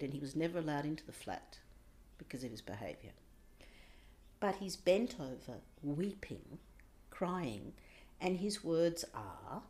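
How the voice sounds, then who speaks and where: A woman recounting a painful childhood memory in an interview, intense and sometimes dropping to a hushed whisper. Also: lowish voice. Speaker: interview guest. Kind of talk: personal storytelling.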